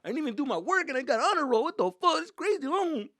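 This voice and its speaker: A man's voice: very high voice, big pitch swings, fast, bright, forceful tone, no echo, clean studio sound, pitched above the performer's own voice, heavily acted. A man voicing an overjoyed, cocky teenage boy who thanks his homies in cholo slang and swears a lot.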